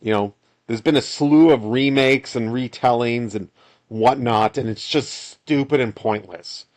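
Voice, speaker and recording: A man's voice: medium pitch, a little slow, darkish tone. A man, a solo game developer, chatting casually over gameplay in a rambling way, restarting his sentences and sighing often. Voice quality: rambling, with frequent restarts and sighs.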